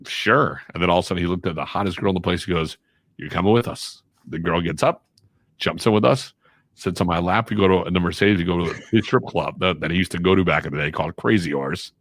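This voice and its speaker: A man with a very low, deep voice tells stories in a relaxed, chatty way, slipping into voiced quotes of the people involved. The sound is dry and close, with no room around it. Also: quick pace, no room sound. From Chicago area. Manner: animated anecdote-telling with voiced quotes. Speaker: guest voiceover artist and radio personality. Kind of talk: casual storytelling chat.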